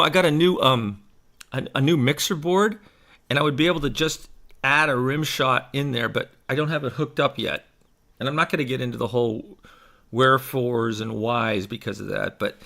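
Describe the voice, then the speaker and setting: A man's voice: mid-range voice, moderate pace, vocal fry, pushed and bright. A man who is a stage actor, chatting in a casual vlog in a rambling, self-mocking way into a desk microphone.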